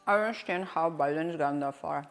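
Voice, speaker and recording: A woman's voice: sits low, fast talker, long reverb tail, soft background music. A woman streamer chatting casually, rambling and asking questions as she reacts to clips. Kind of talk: casual live-stream chat.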